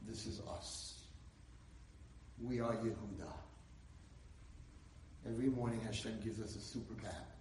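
A man giving an inspirational Torah lecture, telling a story and building to loud, emphatic peaks. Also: medium pitch, far from the mic, slight background noise. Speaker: rabbi lecturer. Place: lecture hall. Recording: echoey hall, speaker away from mic.

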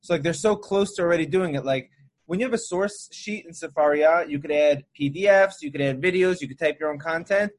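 A man in a casual podcast chat, pitching ideas with enthusiasm. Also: a little fast.

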